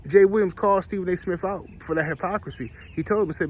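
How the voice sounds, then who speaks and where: A man's voice: high voice, fast, a little mellow. A man giving heated, rambling opinion commentary for his online channel, in slangy speech with frequent restarts. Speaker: YouTube commentator.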